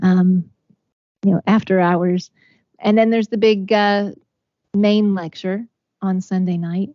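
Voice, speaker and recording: A woman's voice: mid-range voice, steady tone, slow pace, no echo, highs cut off. A woman from Texas, a guest in a conversational interview, speaking earnestly with frequent fillers and restarts. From Texas, USA. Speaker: interview guest, organization founder.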